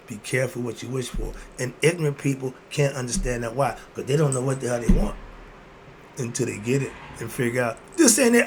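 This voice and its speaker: A man's voice: mid-range voice, a little hiss or hum. A man in his sixties hosting his own video, ranting bluntly and answering his own rhetorical questions. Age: 60s. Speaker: video host. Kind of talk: ranting monologue.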